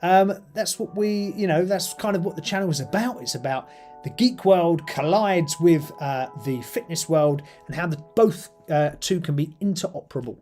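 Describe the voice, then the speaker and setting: A middle-aged man with a British accent talks easily on a live stream, rambling and filling gaps with ums and uhs as he paints miniatures. His voice sits a little high for a man, and faint music plays softly behind him. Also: moderate pace.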